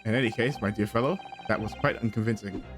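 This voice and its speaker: A boastful eccentric detective holds forth in a pompous, dryly teasing manner, as a man reads him aloud. His voice sits fairly low, with game music playing clearly underneath. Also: quick pace, natural voice.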